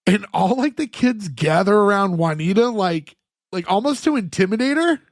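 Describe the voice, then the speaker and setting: A man's voice: sits high, lively intonation, moderate pace, no room sound, clean studio sound. A man co-hosting a podcast in casual chat, retelling scenes at length with lots of "like" fillers. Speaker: podcast co-host recapping a sitcom episode.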